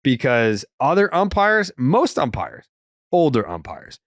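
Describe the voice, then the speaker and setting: A man hosting a casual sports podcast, telling stories with animated, profane enthusiasm. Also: mid-range voice, unhurried, no echo, clean studio sound. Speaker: podcast host.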